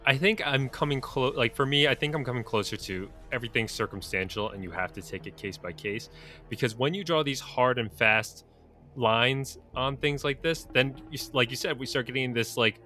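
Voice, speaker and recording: Bright-voiced young man musing. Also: mid-range voice, normal speed, faint music behind. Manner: thoughtful, poses hypotheticals. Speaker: podcast co-host. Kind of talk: casual chat.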